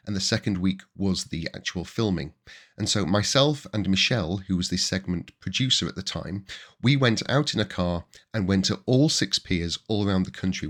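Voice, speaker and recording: A man in his forties with a Yorkshire accent, hosting his own podcast and telling chatty stories from his working life in a casual way. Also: low-pitched. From Yorkshire, England. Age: 40s. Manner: chatty and anecdotal, with bursts of excited emphasis. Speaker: podcast host. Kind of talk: casual storytelling monologue.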